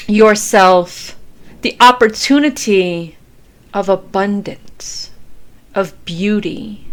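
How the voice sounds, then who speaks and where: A woman's voice: medium pitch, bright, forceful tone. Fervent woman tarot reader preaching. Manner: fervent, repetitive and profane, preaching to viewers. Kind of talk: impassioned motivational monologue.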